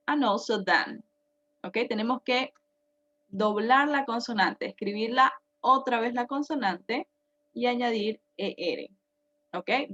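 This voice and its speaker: A woman's voice: on the high side, a bit bright, dull audio. A woman teaching English grammar, patiently repeating each point and translating it. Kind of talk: bilingual grammar lesson.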